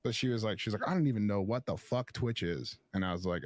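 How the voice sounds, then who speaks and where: A man's voice: lowish voice, fast talker, few pauses. A man casually telling a story on a stream, swearing often and acting out both sides of an argument. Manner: profane, animated retelling with quoted back-and-forth.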